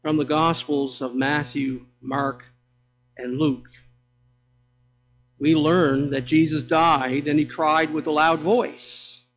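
Man, pastor, high voice, slow sermon delivery, dramatic pauses, loud then hushed, faint hum. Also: fairly even intonation, low-quality recording. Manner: dramatic pauses and emphatic declarations; swings between loud proclaiming and hushed low delivery. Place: church sanctuary.

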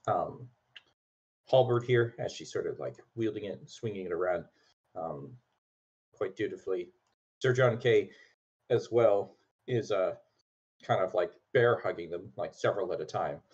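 GM type, male, deep and husky, loose halting narration, dull lo-fi call audio. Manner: relaxed, hesitant, many ums and likes. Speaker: game master. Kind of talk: narrating a tabletop game.

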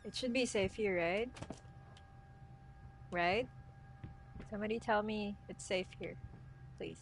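A woman's voice: mid-range voice, takes it slowly, background noise. A woman streaming a horror game, talking to herself with jumpy, scared outbursts. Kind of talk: horror game let's play commentary.

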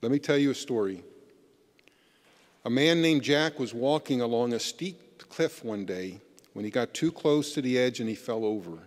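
An earnest deacon gives a Sunday homily, telling a story plainly. His mid-pitched voice rings through a church. A long reverb trails after each phrase. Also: expressive, moderate pace.

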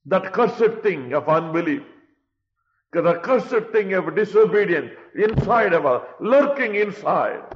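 A man preaching a sermon in an emphatic style, often pushing his voice up. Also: high voice. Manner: emphatic, rising to a raised voice. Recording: dull lo-fi recording.

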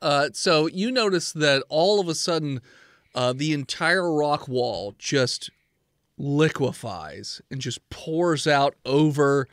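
A man narrating a tabletop game as dungeon master, with frequent ums and uhs, breaking into shouted character lines. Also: a little high, takes it slowly, no room sound, studio quality. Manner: animated, hesitant with fillers, shouts NPC lines.

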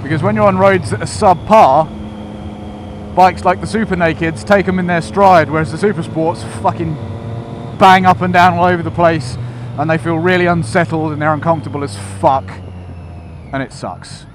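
A man's voice: on the high side, fairly even intonation, normal speed. A man riding a motorcycle and talking through a helmet mic in a casual, crude and joking way, often chuckling. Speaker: motovlogger. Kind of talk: casual rambling vlog commentary. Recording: loud wind and road noise.

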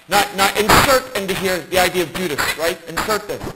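A man's voice: sits high, brisk, few pauses. A man preaching a bible study sermon in an emphatic way, with rhetorical questions. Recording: loud background noise.

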